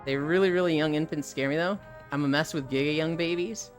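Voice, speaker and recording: A woman streamer in casual, rambling live chat, candid and quick to swear. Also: low-pitched, soft background music. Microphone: desk microphone.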